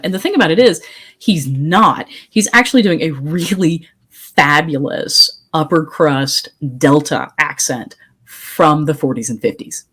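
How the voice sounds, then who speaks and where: A woman co-hosting a casual podcast chat, opinionated and emphatic, talking in quick bursts with restarts. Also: low voice, lively intonation, a bit bright, husky. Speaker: podcast co-host.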